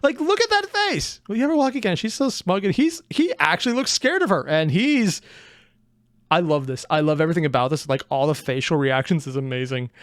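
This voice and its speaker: Brief: self-deprecating reaction host, lively pitch, dry close recording. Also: brisk, no echo. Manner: chatty and self-mocking, with frequent likes and asides. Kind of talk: casual reaction commentary.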